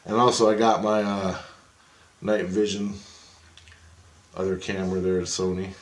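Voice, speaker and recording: A man's voice: sits low, little pitch movement, a little slow, slight background noise. A man vlogging in a casual, rambling monologue, swearing freely and repeating phrases as he acts out what he said. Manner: profane, repeats phrases, acts out his own quotes. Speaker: paranormal vlogger. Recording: echoey room with faint ambience.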